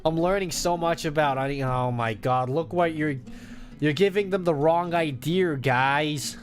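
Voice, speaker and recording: A man's voice: on the high side, a little slow, faint music behind. A man streaming as a VTuber, chatting casually with crude jokes, trash talk and frequent laughter. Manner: crude, joking, trash-talking chat, laughing often.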